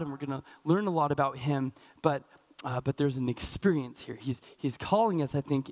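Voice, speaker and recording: A man with an American accent preaching a conversational sermon as pastor, slowing down for scripture readings and filling pauses with frequent "uh"s and restarts. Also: on the high side. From Pacific Northwest, United States. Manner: informal, with frequent "uh" fillers and restarts; slows down and stretches out scripture readings.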